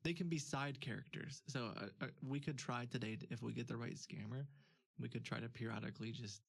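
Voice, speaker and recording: A man's voice: mid-range voice, fairly even intonation, brisk, vocal fry, slightly rough. A man hosting a live stream, chatting loosely and laughing often. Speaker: streamer host. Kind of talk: casual chat.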